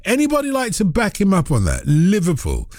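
A man's voice: high-pitched, wildly swooping pitch, a little fast, a little mellow, no room sound, studio quality. A man hosting a radio phone-in, chatting in a playful, teasing way. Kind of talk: casual phone-in chat. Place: radio studio.

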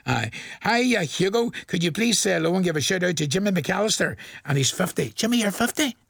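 A man's voice: high voice, lively intonation, brisk, vocal fry, fairly bright tone, dry recording, studio quality. A man in his forties with a Northern Irish accent, presenting a local radio request show in a chatty, jokey way and chuckling often. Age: 40s.

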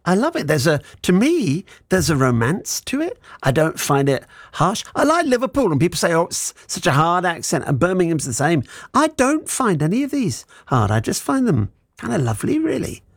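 A man's voice: high-pitched, huge pitch swings, normal speed, creaky, hardly any pauses, no room sound, studio quality. A man hosting a radio interview, enthusiastic and gushing, laughing often. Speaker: radio presenter.

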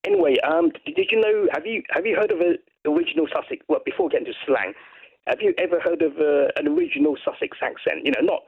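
An English man calls in to a radio show over a narrow, tinny phone line. He rambles with enthusiasm and trips over his own restarts. His voice is gravelly and a little husky, and it rises and falls a lot. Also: sits high, wildly swooping pitch, fast. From England. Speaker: caller. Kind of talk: casual chat on a radio phone-in.

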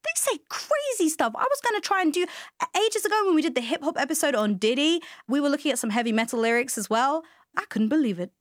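A woman with a fairly high voice hosts a casual chat, throwing out lively, curious questions. Her sound is dry and close to the mic. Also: fast talker, no room sound. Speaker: podcast host. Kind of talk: casual discussion.

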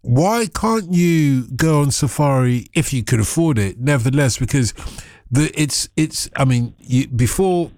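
Man, casual chat, teasing and animated, dry close sound. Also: mid-range voice, a little slow, no room sound. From Nigeria. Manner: playful, teasing, mimics accents. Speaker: conversation partner.

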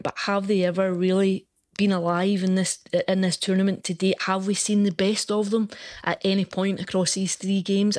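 A woman giving football analysis, measured and often repeating words as she thinks. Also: medium pitch, darkish tone, no echo, studio quality. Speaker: football pundit. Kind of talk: studio analysis.

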